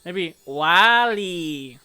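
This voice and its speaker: A gaming channel host giving casual, excitable commentary at home, giggling and cutting in on themselves. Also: mid-range voice, extremely slow, music in the background. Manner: excitable, giggly, self-interrupting. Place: home room with a fan running.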